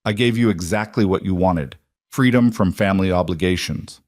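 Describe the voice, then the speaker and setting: A man's voice: deep voice, normal speed, dry recording, studio quality, natural voice. A man reading the lines of a proud, defensive young mother in a told story. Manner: quiet, firm.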